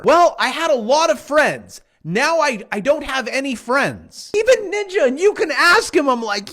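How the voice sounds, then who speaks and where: A man's voice: very high voice, sing-song, normal speed, few pauses, bright, forceful tone. A middle-aged man in a casual vlog, ranting sarcastically and mimicking doubters while walking through trading charts. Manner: sarcastic, jumpy, mocking voices of doubters. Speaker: crypto trading vlogger. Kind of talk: casual rant and chart walkthrough.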